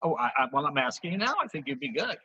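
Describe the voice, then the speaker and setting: Older man cracking quick one-liners. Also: on the high side, very animated, sharp tone, breathy edge, muffled recording. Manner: rapid one-liner delivery, playful. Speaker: comedian guest. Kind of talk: joke-telling banter.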